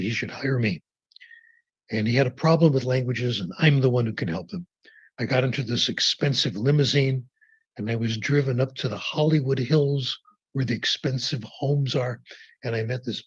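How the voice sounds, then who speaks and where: A man giving a conversational lecture on language learning, telling anecdotes and slowing down for emphasis. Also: medium pitch, husky. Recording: dull muffled lecture recording.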